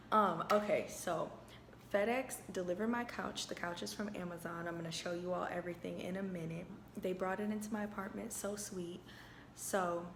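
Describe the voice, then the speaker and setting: A woman vlogging from her apartment, telling a lively story to her viewers and calling them y'all, close to the camera. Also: on the low side, reverberant, slight background noise. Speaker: lifestyle vlogger. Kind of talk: chatty story-time vlog. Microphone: camera held close to face.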